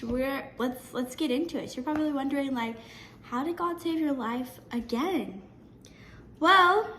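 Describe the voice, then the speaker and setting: A teenage girl telling a personal story to her camera in a chatty, animated way, often restarting her sentences. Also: sits high, reverberant, a little hiss or hum. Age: teen. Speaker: vlogger.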